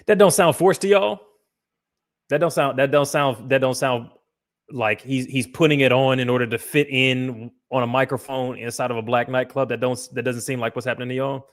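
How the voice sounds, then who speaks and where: A man's voice: medium pitch, little pitch movement, fairly quick. A man hosting a livestream podcast, talking casually in a loose, profane, rambling way with frequent restarts. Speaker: podcast host.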